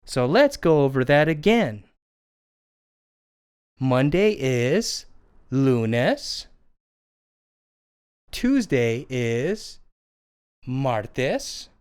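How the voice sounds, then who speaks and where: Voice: medium pitch, darkish tone, smooth, no room sound. A puppeteer voicing a sing-song sparrow puppet. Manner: sing-song, encouraging, drawn-out words. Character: friendly little sparrow puppet teacher. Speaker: children's language teacher. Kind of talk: children's lesson.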